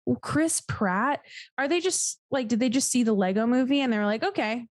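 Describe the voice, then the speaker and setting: Blunt, higher-voiced woman podcast co-host. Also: expressive, brisk, dry recording, studio quality. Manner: blunt, incredulous, swears freely. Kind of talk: casual chat.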